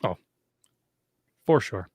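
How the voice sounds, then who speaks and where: A man's voice: very slow, dry recording, clean studio sound. A man co-hosting a podcast in casual chat, laid-back and laughing along. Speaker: podcast co-host.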